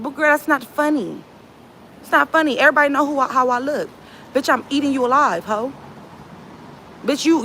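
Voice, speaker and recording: A woman's voice: on the high side, a bit bright, a little hiss or hum. A woman from Los Angeles hosting a livestream, trash-talking in a profane, confrontational way from a laundromat. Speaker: livestream host. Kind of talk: casual livestream rant.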